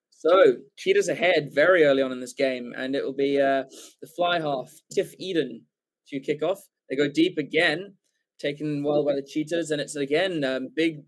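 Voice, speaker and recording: An English man giving live play-by-play rugby commentary for a watchalong stream, excitable and rambling, full of fillers and self-corrections. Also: fairly high pitch. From England.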